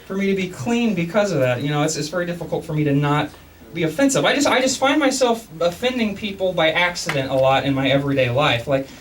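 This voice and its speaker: A man from Texas doing a stand-up comedy set in a club, self-mocking and animated, often repeating words as he starts a sentence. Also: a little high, quick pace, recorded from a distance, a little hiss or hum, rough recording. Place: comedy club basement, live audience.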